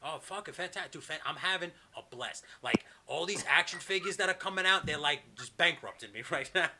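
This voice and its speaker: Fast-talking man telling rowdy stories. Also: fairly high pitch, expressive, over a noisy crowd. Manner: fast, rambling storyteller, swears a lot. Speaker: podcast host. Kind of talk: casual chat. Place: home, over a video call.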